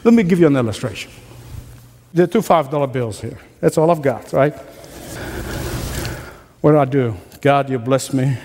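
A man preaching a sermon as pastor, animated, acting out voices and laughing as he goes. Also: high voice. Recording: long reverb of a large hall.

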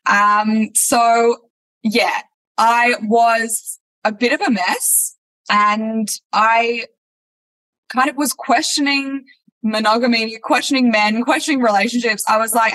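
A woman's voice: on the high side, slow pace, a bit bright, poor audio. A woman, a reality show contestant talking candidly in a casual interview. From Australia. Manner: open, candid storytelling.

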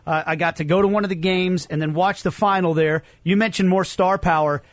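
A man hosting a sports radio show, asking energetic, quick questions. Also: high voice, no room sound.

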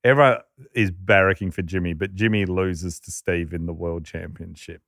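A man's voice: deep voice, steady tone, moderate pace, fairly bright tone, dry recording, studio quality. An Australian man telling a rowdy anecdote in casual chat, laughing often and acting out the voices of the people in it. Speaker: podcast storyteller.

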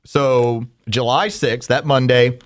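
A man hosting a comedy podcast, reading sponsor spots and recounting events step by step in a steady, methodical way. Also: medium pitch, takes it slowly. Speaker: podcast host and radio host. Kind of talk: casual comedic podcast talk.

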